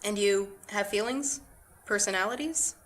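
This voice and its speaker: A woman voicing a gentle male giant who works on a ride, speaking in a soft, soothing whisper. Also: mid-range voice, measured pace, natural voice.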